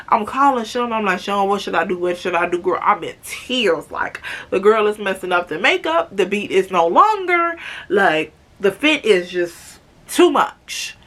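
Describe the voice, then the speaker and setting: Young woman, storytime vlog, dramatic and chatty, slow unhurried delivery. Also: on the high side, pushed and bright. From Chicago, USA. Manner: dramatic, chatty, keeps calling viewers "girl". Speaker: vlogger.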